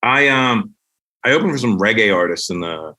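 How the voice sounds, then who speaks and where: Animated storytelling man from Canada. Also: fairly low pitch, normal speed. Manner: animated storyteller who acts out voices with lots of profanity. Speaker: guest comedian. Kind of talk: casual podcast conversation.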